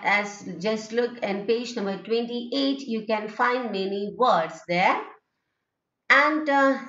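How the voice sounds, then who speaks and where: A woman's voice: medium pitch, a bit bright. A woman with an Indian English accent gives a recorded lecture as a university tutor, talking things through with frequent fillers and repeated "okay"s. The sound is dull and lo-fi, with a roomy echo around her voice. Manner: explanatory, repetitive, many "okay"s and fillers. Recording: echoey, dull lo-fi room recording.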